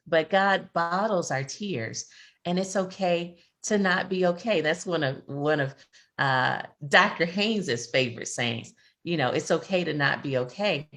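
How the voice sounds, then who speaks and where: A woman's voice: on the low side, unhurried, fairly bright tone. A middle-aged woman co-hosting a faith-based chat, speaking earnestly and reflectively, often repeating words as she finds them. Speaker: podcast co-host and grief expert.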